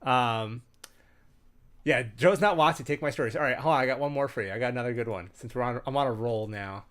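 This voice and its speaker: A man's voice: mid-range voice, a little fast. A man hosting a casual chat about tabletop gaming, talking on a computer mic during a screen share, rambling with lots of fillers and restarts and telling stories with animation. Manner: animated storyteller. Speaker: host sharing game-master tips.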